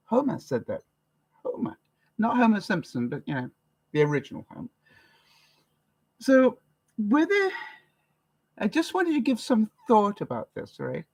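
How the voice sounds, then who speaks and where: A woman's voice: on the low side, normal speed, no echo, poor audio. An older woman from Canada chatting to her viewers in a casual vlog, telling stories with frequent laughs. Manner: chatty, anecdotal, laughs often, lively swings in loudness. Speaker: vlogger. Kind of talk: casual talk to camera.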